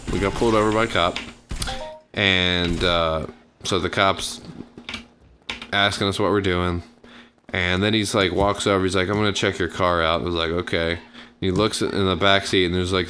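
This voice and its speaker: A man's voice: deep voice, fairly even intonation, moderate pace, bright, forceful tone, soft background music. A man casually telling a long, rambling story over gameplay, full of fillers, acting out what people said. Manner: rambling, filler-heavy, acts out quotes. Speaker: gaming channel host.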